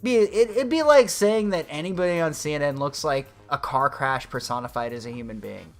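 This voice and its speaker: A man's voice: a little high, lively intonation, brisk, soft background music. Sarcastic, profane male streamer ranting. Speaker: livestream host. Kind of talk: casual livestream commentary.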